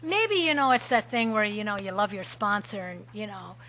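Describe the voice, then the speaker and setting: A middle-aged woman telling a lively personal story at a recovery meeting, laughing often and acting out shouts. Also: medium pitch, moderate pace, slight background noise. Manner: animated, laughing, acts out shouted quotes.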